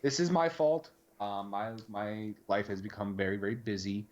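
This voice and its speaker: Dull audio carries a man's lowish voice at a normal speed. He's a podcast co-host on a live stream, chatting loosely and rambling, with fillers everywhere.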